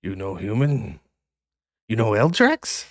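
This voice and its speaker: A man's voice: lowish voice, huge pitch swings, slow, no echo, studio quality, heavily acted. A man voicing a small, hungry, lost kobold that talks in broken speech. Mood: pleading.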